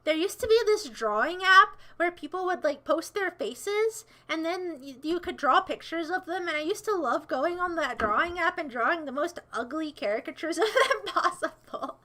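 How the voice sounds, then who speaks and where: A woman's voice: extremely high pitch, expressive, normal speed, few pauses, sharp tone. A young American woman livestreaming, casually rambling and teasing her chat with sarcastic remarks.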